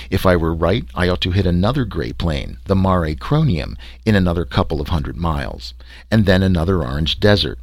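A man's voice: deep voice, no echo. A man voicing a wry, sarcastic explorer recounting his trek. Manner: sarcastic, dry storytelling.

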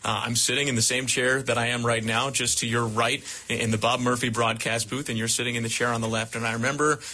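Bright-toned earnest young broadcaster. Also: male voice, medium pitch, little pitch movement. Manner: earnest, deliberate. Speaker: baseball broadcaster interviewer. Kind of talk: interview questions and tribute.

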